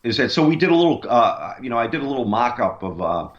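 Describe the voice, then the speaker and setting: A man's voice: mid-range voice, big pitch swings, fast talker, dull audio. A man, a paranormal investigator, tells a long story in a rambling way, with many fillers and restarts. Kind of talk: casual storytelling on a radio interview.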